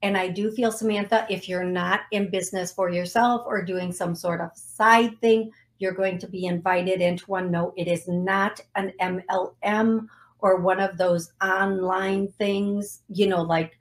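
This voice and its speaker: A woman's voice: medium pitch, steady tone. A middle-aged woman hosting a psychic call-in show, giving readings and leading a guided healing in an emotional, affirming way. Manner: slow, emotional, affirming, repetitive phrasing. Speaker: psychic medium radio host.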